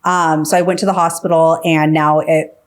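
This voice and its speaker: A woman's voice: low voice, flat delivery, moderate pace. A woman guest on a podcast, telling her story casually, full of fillers and acting out what others said. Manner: filler-heavy, acts out quoted dialogue.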